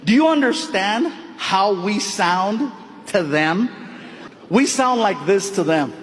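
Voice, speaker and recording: High-ish voiced american guy doing standup, punchy repeats, reverby stage w noise. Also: animated, slow pace. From United States. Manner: emphatic, repetitive build-up. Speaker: stand-up comedian. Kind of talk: stand-up comedy.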